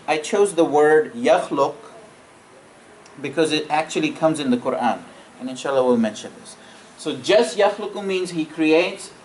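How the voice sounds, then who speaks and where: A man teaching a grammar class, repeating each point, checking in with students and reciting verses quickly. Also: a little high, slight background noise, low-quality recording. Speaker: Arabic teacher.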